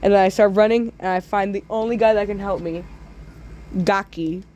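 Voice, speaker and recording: A woman telling absurd comic stories in a drawling way, with sudden loud squealing outbursts. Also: medium pitch, moderate pace. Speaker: storyteller. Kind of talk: absurd comedic storytime.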